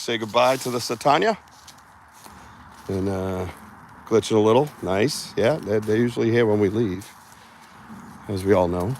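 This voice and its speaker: A man's voice: lowish voice, slight background noise. A middle-aged man hosting a live show outdoors in the woods. He talks casually, rambling and swearing freely. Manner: rambling, loose and profane. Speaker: host of a live Bigfoot research show. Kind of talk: casual live-stream chat.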